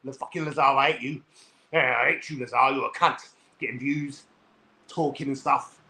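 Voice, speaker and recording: A man with a London accent putting on a lower, whiny voice to mock a jealous, angry young male streamer. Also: fairly even intonation, normal speed, bright, forceful tone. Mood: resentful.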